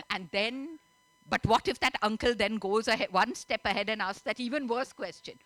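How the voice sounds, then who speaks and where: A woman's voice: mid-range voice, a little slow, a bit bright. A woman author, chatty and laughing often as she tells and reads her story at a festival. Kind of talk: reading aloud and storytelling at a literature festival. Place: festival stage.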